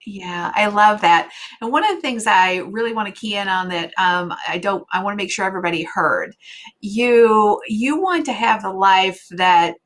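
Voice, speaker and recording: A woman host in a relaxed interview chat, mid-range in pitch. She talks in a friendly, rambling way and lets her phrases fade off quietly. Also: normal speed. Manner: chatty, warm asides, trailing off quietly.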